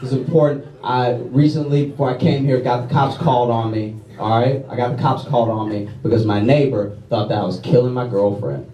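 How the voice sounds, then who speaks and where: A man's voice: mid-range voice, fairly quick, few pauses, far from the mic. A man from Louisiana doing a stand-up routine on stage, self-deprecating and conversational, peppering his stories with "okay?" asides. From Louisiana, USA. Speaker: stand-up comedian. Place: large comedy venue with audience. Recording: echoey live venue audio from afar, crowd laughter.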